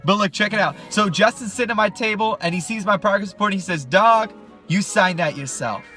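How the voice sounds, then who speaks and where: A man's voice: high-pitched, fast talker, pushed and bright, soft background music. A man telling a funny childhood story in a casual vlog, talking animatedly and joking straight to the camera.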